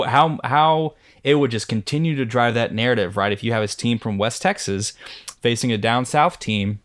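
Sports podcast co-host: a man with a mid-pitched voice, thoughtful and hesitant, full of fillers and restarts. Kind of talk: casual sports podcast chat.

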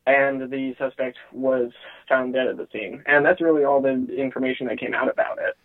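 A man's voice: mid-range voice, fairly even intonation, moderate pace. A man calling in to a show, talking casually with many hesitations and small laughs. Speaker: caller. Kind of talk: casual call-in chat. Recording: tinny phone line.

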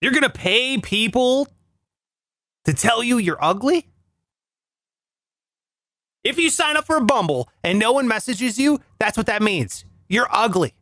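A man riffing through a sarcastic comedy monologue, his voice leaping up and down as he lands punchy lines. He records alone at home, and the sound is dry and close, with no room echo. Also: very high voice. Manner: sarcastic, punchy joke delivery, lively voice swings. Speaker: comedian host. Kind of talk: comic monologue.

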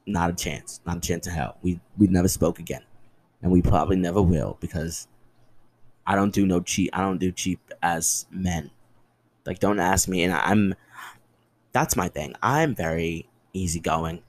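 A man's voice: sits low, normal speed, no echo. A young man in his twenties hosting a podcast alone, telling personal stories in a casual, profane and dramatic way and answering his own questions. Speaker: podcast host. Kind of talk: casual storytelling monologue.

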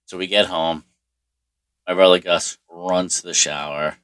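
A man's voice: low-pitched, fairly even intonation, measured pace, a bit bright, smooth. A middle-aged man telling a personal story in a rambling, profane way, full of restarts and fillers. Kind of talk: casual storytelling monologue.

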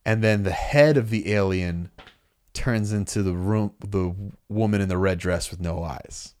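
A man's voice: low-pitched, a little slow. A man co-hosting a podcast in casual chat, animatedly retelling a comic's plot and acting out the lines. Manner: animated storytelling, acting out dialogue. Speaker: podcast co-host recapping a comic.

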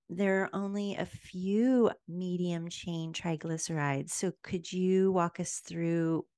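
A woman hosting a podcast, bubbly and quick to laugh in casual chat. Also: fairly low pitch, clear, resonant tone, no echo, clean studio sound. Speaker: podcast host.

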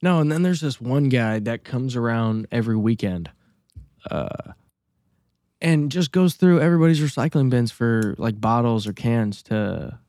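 A man's voice: medium pitch, expressive, moderate pace, darkish tone, no room sound, clean studio sound. A man co-hosting a casual podcast, telling rambling stories full of restarts and swearing. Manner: rambling, profane, storytelling with many restarts. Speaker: podcast co-host.

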